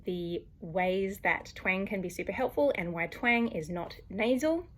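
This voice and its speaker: A woman's voice: medium pitch, unhurried. A woman, a voice coach explaining singing technique to camera and demonstrating sounds as she goes.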